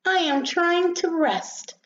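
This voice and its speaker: A woman voicing a fussy little rosebud flower girl who wants to be left alone, speaking in a high, insistent, peevish way. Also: very animated, measured pace, a little mellow, echoey room, a little hiss or hum. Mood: annoyed. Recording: slightly dull lo-fi recording.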